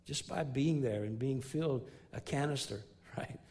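A middle-aged man preaching a sermon in an earnest way, building emphasis through repeated and restarted phrases and dropping his voice low when telling a story. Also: moderate pace, a little mellow. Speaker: pastor.

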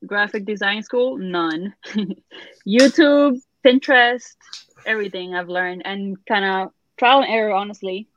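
Relaxed woman guest on a dull line. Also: medium pitch, measured pace, no echo. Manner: relaxed, laughs easily. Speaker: podcast guest, artist. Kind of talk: casual chat. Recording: dry, dull lo-fi sound.

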